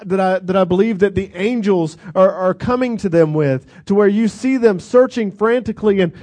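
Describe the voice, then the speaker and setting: High-voiced man preaching conversationally. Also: mellow. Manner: conversational preaching with repeated restarts and acted-out quotes. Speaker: pastor. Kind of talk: sermon.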